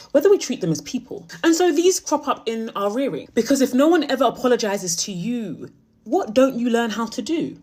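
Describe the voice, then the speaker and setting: Woman from Nigeria, husky, lively pitch, thoughtful and reflective. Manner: thoughtful, with rhetorical questions. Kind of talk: reflective commentary.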